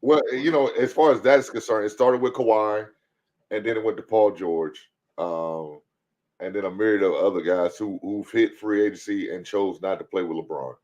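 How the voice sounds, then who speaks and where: A man co-hosting a sports podcast, giving a calm, measured answer. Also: fairly low pitch, dull audio. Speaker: podcast co-host. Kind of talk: casual sports talk.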